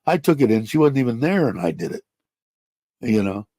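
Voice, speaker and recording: A man's voice: medium pitch, big pitch swings, fairly quick, mellow, dry recording. An older retired man chatting casually on his livestream, rambling and blunt, swearing freely and laughing often. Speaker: livestream host. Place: home in Thailand.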